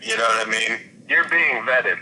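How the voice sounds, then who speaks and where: A man's voice: medium pitch, normal speed, over a noisy crowd, rough recording. A man in casual call-in chat, laid-back, often trailing off with "you know".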